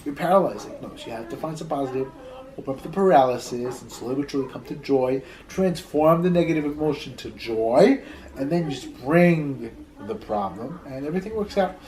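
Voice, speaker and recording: A man's voice: medium pitch, animated, a little fast, a little mellow, poor audio. A rabbi teaching a Torah class in a loose, conversational way, telling stories, repeating words as he thinks, and dropping in Hebrew terms.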